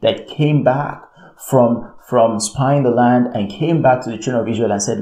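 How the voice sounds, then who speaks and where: A man's voice: mid-range voice, normal speed, dark tone. A man preaching a sermon in an emphatic way, repeating his phrases and often checking in with "all right". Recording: roomy echo.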